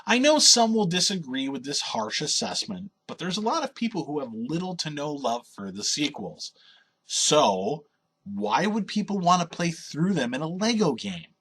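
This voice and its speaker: A man's voice: a little high, big pitch swings, moderate pace, a bit bright, husky. A man reading a scripted video game review in an opinionated, wry and sardonic way.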